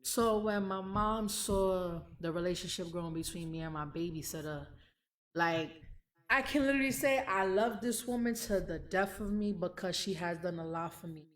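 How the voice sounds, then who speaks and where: Brief: young woman host, lowish voice, blunt and profane, candid emotional chat. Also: normal speed. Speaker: podcast host.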